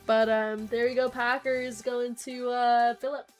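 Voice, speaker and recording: A young woman hosting a live card break stream, quickly reading off player names and chatting with viewers. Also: fairly high pitch, level tone. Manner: rapid listing of names, chatty asides to viewers. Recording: faint background music.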